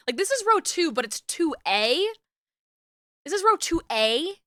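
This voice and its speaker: A woman streamer and 3D rigger chats casually during a live stream while working, laughing frequently and swearing lightly. Her high voice has big pitch swings, a measured pace, and a fairly bright tone. The sound is clean studio quality with no echo.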